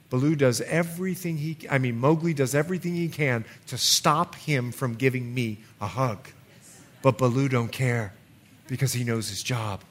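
At medium pitch, a man delivers a sermon as pastor, swinging from forceful, emphatic outbursts down to gentle, quiet appeals.

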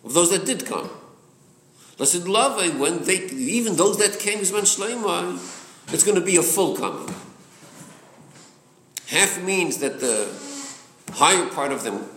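A man's voice: sits high, a little slow, long pauses, slight background noise. A man leading a Torah study class, asking questions and answering them himself. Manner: animated, poses and answers his own questions. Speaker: class leader. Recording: roomy echo.

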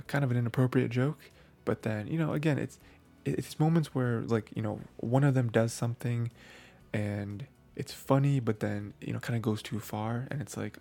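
A man hosting an anime review podcast, recapping episodes in a rambling casual way with many fillers and quick acted-out lines. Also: lowish voice, vocal fry, a little mellow.

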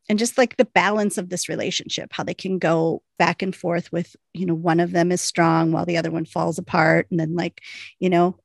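A young woman chats her way through a TV episode recap, trailing off into fillers and laughing as she goes. Her voice has a gravelly, fry-heavy edge. It sits dry and close to the mic. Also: lowish voice, no echo. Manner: rambling, many fillers, laughs often. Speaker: podcast co-host. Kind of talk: casual recap chat.

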